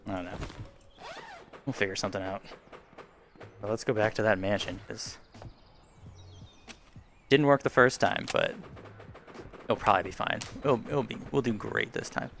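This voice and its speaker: A man's voice: fairly low pitch, lively intonation, normal speed, vocal fry, pauses often, fairly bright tone, a little hiss or hum. A man casually commenting on his VR shooter gameplay, rambling and self-deprecating, chuckling as he goes, on a headset mic at home. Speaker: gaming YouTuber. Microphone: headset boom mic.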